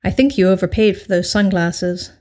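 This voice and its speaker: A woman's voice: mid-range voice, fairly even intonation, normal speed, warm tone, natural voice. A woman reading aloud and voicing a tense, exasperated young man who speaks in clipped, worried lines.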